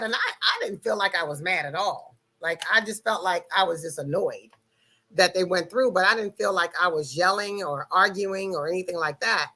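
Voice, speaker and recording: A middle-aged woman explaining personality types in a casual, chatty way. Her voice is bright and forceful, and she puts full energy into everything she says. She stays intense and emphatic even on small topics. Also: fairly low pitch, moderate pace. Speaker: personality-type presenter.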